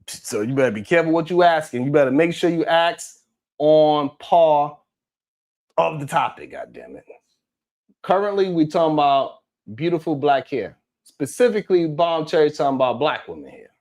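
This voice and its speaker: Man hosting a live stream with a fairly high voice; blunt, fired-up, swears freely and calls on viewers by name. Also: very animated, normal speed, darkish tone. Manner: outspoken and heated, swearing often. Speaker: live stream host reading viewer comments. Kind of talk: casual live stream talk.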